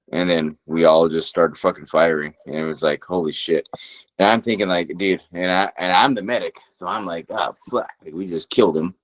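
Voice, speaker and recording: Podcast co-host, man, deep voice, rambling swear-heavy storyteller. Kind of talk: casual chat.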